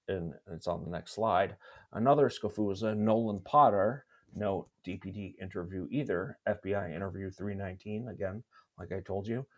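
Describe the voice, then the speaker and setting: A man hosting a podcast, reading testimony from documents aloud and adding commentary, with frequent halts and restarts. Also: lowish voice. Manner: halting, many restarts while reading documents. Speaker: podcast host.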